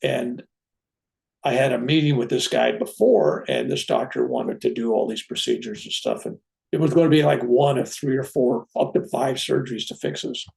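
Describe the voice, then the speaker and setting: A man, a reverend, telling a personal story in an animated way, acting out the people he quotes. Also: mid-range voice, moderate pace, creaky. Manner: animated retelling, acting out quoted voices, chuckling asides. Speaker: reverend sharing a spiritual experience.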